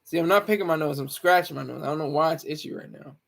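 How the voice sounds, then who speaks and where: A man's voice: a little high, fast, creaky. A man talking casually on a live stream, rambling with many stammered restarts.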